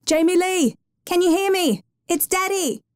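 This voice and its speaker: A woman's voice: extremely high pitch, measured pace, a little mellow, no echo, pitched above the performer's own voice. A woman reading a story aloud, voicing a frightened father who calls out urgently to his trapped daughter. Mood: desperate. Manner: raised urgent calling.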